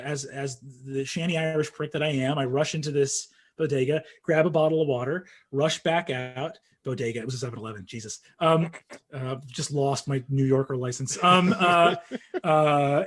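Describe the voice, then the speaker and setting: A young man telling a story in casual conversation, animated and full of fillers, acting out what people said. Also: on the high side. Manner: animated storytelling, acts out quotes, frequent fillers.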